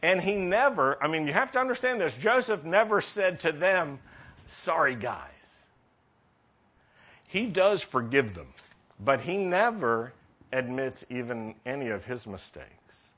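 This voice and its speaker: A man's voice: fairly high pitch, very animated, normal speed, a bit bright. A male pastor preaching a sermon and asking the congregation questions to draw them in. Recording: dull lo-fi sermon recording.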